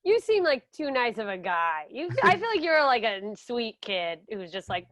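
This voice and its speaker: A woman's voice swoops up and down as she banters playfully with the others. Her pitch sits a little high. The sound is dry and close, from a video call. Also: big pitch swings, normal speed, fairly bright tone, no echo. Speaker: comedian guest.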